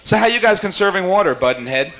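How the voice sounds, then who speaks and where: A man warming up a live talk show audience, teasing guests and cracking quick jokes. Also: sits high, animated. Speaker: talk show warm-up host. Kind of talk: jokey stage banter with audience.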